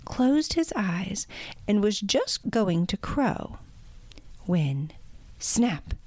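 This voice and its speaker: A woman reading a storybook aloud in a measured, expressive way. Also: mid-range voice, no room sound. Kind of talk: scripted storybook narration.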